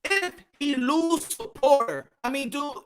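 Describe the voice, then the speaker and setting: A man's voice: very high voice, a little slow. A man hosting a live boxing stream, chatting casually and animatedly, repeating himself and greeting viewers in the chat. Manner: animated, repetitive, shouting out chat names. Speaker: boxing channel host.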